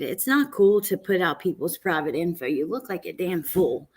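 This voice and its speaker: A woman's voice: fairly low pitch, big pitch swings, moderate pace, few pauses, a little mellow, breathy edge. Woman, livestream host, casual chat, greets viewers, talks from home. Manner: chatty, greets viewers by name, many fillers. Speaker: true crime livestream host. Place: at home, indoors. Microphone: computer camera setup for a livestream.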